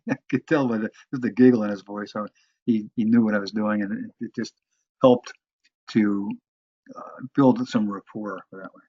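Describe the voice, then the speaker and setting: A man lectures on phone sales in a halting way, restarting his sentences often. His voice is husky and mid-pitched. The recording is dull and dry, with no room sound. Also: steady tone, dry recording. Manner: halting, many restarts and fillers. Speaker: sales trainer.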